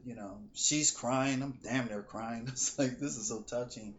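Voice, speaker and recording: A man's voice: medium pitch, unhurried, hardly any pauses, highs cut off, slight background noise. A man co-hosting a casual podcast as a psychic reader, telling stories animatedly and acting out what people said. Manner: animated storytelling, acts out quoted dialogue. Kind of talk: casual chat, storytelling.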